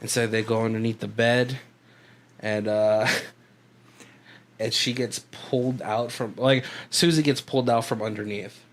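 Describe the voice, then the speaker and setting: A male podcast co-host chatting casually about a film. He rambles through the plot, breaks into laughs and drops the odd curse. His voice sits at an ordinary middle pitch. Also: steady tone, a little slow, a little hiss or hum. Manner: rambling, laughs often, swears, puts on voices for quotes. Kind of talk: casual movie commentary chat.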